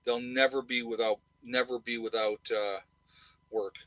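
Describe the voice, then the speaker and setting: A man's voice: mid-range voice, level tone, unhurried, fairly bright tone, no room sound, rough recording. A middle-aged man from the United States co-hosting a livestream, talking bluntly and repeating his points for emphasis. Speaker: livestream co-host. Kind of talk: casual opinionated livestream chat.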